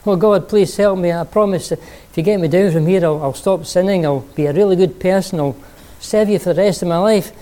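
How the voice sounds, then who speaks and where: A man voicing a panicked stranded man who shouts and pleads for rescue. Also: fairly high pitch, lively intonation, very slow, pauses often. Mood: pleading. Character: panicked man clinging to a cliff branch.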